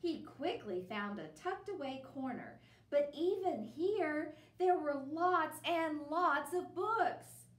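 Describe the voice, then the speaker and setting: A woman reading a children's picture book aloud as a library storyteller, with lively expression. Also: high voice, slow pace, roomy sound, far from the mic.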